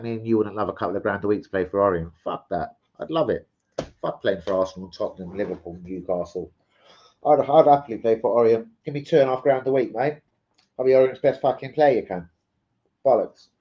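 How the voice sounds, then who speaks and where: A man's voice: fairly low pitch, quick pace, highs cut off. A man hosting a casual football livestream, rambling and swearing as he chats with viewers. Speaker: football fan channel host. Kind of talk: casual livestream chat reading transfer gossip.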